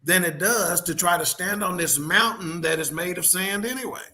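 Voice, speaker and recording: A man's voice: high voice, moderate pace, bright, forceful tone. A man hosting a podcast in casual discussion, talking with preacher-like emphasis and playful call-and-response. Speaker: podcast host.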